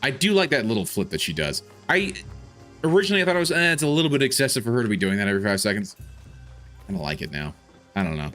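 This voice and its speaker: Deep voiced guy streaming a game, thinking out loud, lots of ums and restarts. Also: very animated, fast, faint music behind. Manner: thinks aloud, rambling with frequent restarts. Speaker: gaming streamer. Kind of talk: casual live gameplay commentary.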